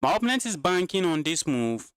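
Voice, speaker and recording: A tired-sounding chess streamer commentates his own live games, chatting with his viewers and repeating phrases as he plays. His voice is a little high with big pitch swings, a touch fast, and free of echo.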